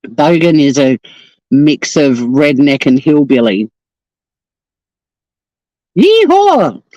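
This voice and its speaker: Hosting a laid-back coastal live stream outdoors, this Tasmanian man speaks with an Australian accent, cracking jokes and cursing. His mid-range voice is mellow and measured in pace. The recording sounds dull and has no echo.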